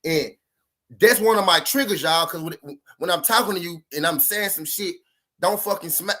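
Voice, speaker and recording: A man's voice: high voice, moderate pace, sharp tone. A man casually telling a relationship story to his viewers, profane and repetitive, leaning hard on his points. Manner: profane, repetitive, emphatic street talk. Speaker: vlogger giving relationship advice.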